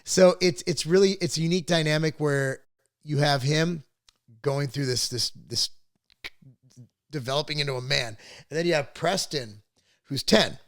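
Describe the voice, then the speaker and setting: A middle-aged podcast host tells family stories in a rambling, profane, casual chat. His voice is fairly high with a moderate pace and frequent pauses, and there's no room sound.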